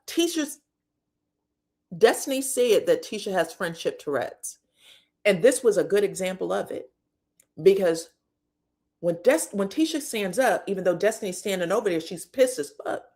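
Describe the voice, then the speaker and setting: A woman hosting a casual reality TV recap, telling it in an animated, profane and sassy way. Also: medium pitch, unhurried.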